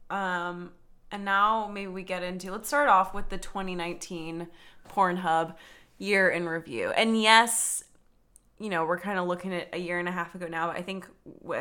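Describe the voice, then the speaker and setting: A woman's voice: on the low side, pushed and bright. Candid giggly woman co-host. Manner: candid and giggly, laughs often. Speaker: podcast co-host. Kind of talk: frank casual chat.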